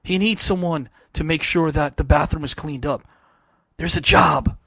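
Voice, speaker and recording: Booming theatrical man cutting a promo. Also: normal speed, no echo, studio quality. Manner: theatrical, pompous, swings from loud to hushed. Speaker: panelist. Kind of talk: wrestling-style promo talk.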